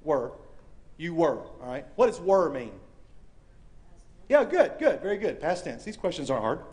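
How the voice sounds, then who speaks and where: A man preaching a sermon to a live audience, animated and acting out voices, swinging from loud to hushed. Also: on the high side, normal speed. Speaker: speaker. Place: university chapel or hall with audience.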